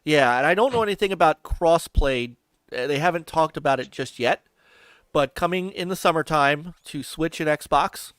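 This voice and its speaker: A man's voice: a little high, moderate pace, fairly bright tone, dry recording. Chatty man podcast host, dry sound. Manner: chatty, restarts and laughs while talking. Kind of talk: casual chat.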